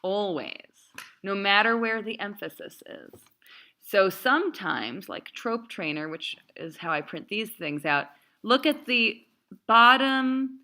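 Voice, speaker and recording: A woman cantor teaching a class, speaking in a lively, emphatic way and chanting the names of the marks. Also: medium pitch. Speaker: cantor teaching Torah reading.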